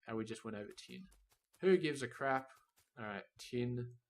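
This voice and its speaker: A man talks through a factory-building game in a relaxed, rambling way. His voice sits at an ordinary middle pitch as he weighs options aloud and now and then scolds the game's robots and trains. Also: moderate pace. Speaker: gameplay commentator. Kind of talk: casual let's-play commentary.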